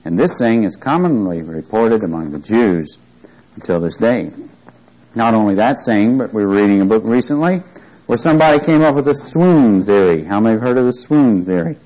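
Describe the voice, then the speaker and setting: A man's voice: fairly low pitch, animated, normal speed, warm tone, rough recording. A man teaching a Bible class, reading scripture aloud and quizzing his listeners with questions.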